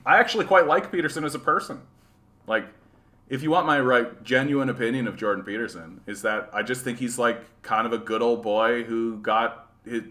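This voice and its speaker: A man from rural Manitoba hosting a casual livestream chat. His voice is bright and forward, and he rambles in loose, sarcastic asides, often ending his points with "right?". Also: medium pitch. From rural Manitoba, Canada. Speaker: livestream host. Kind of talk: casual livestream chat reading viewer comments.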